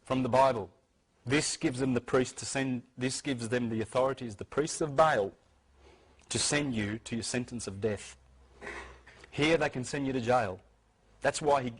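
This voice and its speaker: Speaking to an audience in a husky, medium-pitched voice, this man delivers an informal talk with insistent emphasis, often starting over and repeating himself. The recording is low quality.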